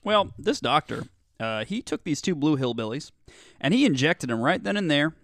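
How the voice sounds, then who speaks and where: A man's voice: fairly high pitch, very animated, normal speed, fairly bright tone, no echo, studio quality. A man co-hosting a casual comedy podcast, rambling and joking with lots of fillers and restarts. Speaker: podcast co-host.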